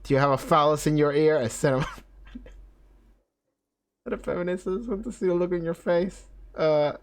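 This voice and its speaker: A man's voice: a little high, normal speed, slight background noise. A man streaming a video game, giggling and reading the on-screen text aloud in casual commentary. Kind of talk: casual let's-play commentary.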